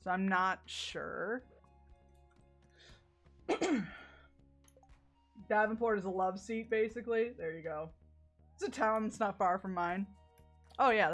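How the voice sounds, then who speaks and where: Her medium-pitched voice has a fairly bright tone. She's a young Southern American woman gaming on stream, talking casually with her chat, cursing freely and laughing a lot.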